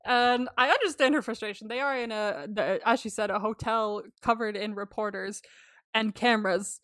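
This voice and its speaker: This podcast co-host speaks unhurriedly in a voice on the high side, a bit bright, with clean studio sound and no echo. She chats through a casual recap animatedly, swearing freely, laughing often, and acting out quotes.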